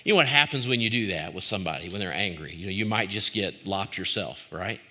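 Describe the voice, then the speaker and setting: A man's voice: sits low, expressive, fast talker, sharp tone, slightly rough. A man, likely a pastor, giving a reflective devotional talk in a conversational, searching way, often restarting his sentences and asking listeners questions directly.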